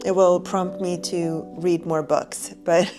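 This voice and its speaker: Vlogger, woman, 40s, candid and heartfelt, voice on the low side, soft music behind. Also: fairly even intonation, slow pace. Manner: candid and emotional, talking to the viewer. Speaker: wellness vlogger. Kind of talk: reflective personal vlog. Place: small reading nook in a bedroom.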